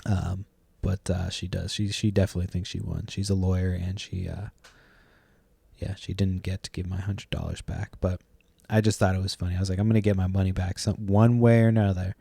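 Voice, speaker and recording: A man's voice: deep voice, little pitch movement, a little fast, gravelly, mellow, slightly rough, no echo. A young man hosting a podcast, telling a long story in a loose, rambling way, swearing freely and trailing off with "like" and "blah, blah". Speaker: podcast host.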